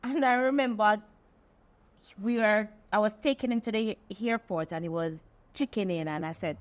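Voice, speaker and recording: A woman's voice: mid-range voice, moderate pace. Jamaican woman hosting a chat. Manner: storytelling, asks guests questions. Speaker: host. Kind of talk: casual panel chat.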